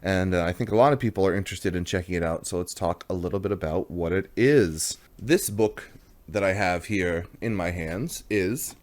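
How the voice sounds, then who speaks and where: A man's voice: low-pitched, moderate pace, darkish tone. A man hosting a casual comics review video, chatty and rambling, poking fun at himself as he goes. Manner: chatty, rambling, self-deprecating.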